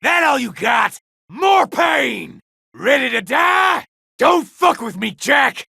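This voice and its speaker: An actor playing a brutal, bloodthirsty male villain boss, shouting gleeful battle taunts for a video game. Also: extremely high pitch, big pitch swings, slow pace, creaky, no room sound, clean studio sound, heavily acted. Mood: gloating. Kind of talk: video game combat barks.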